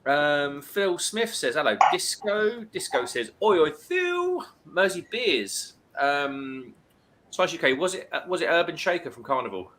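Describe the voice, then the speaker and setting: A man's voice: a little high, lively intonation, unhurried, sharp tone, slight background noise. A man hosting a casual live stream, chattily reading out viewer comments and greeting people.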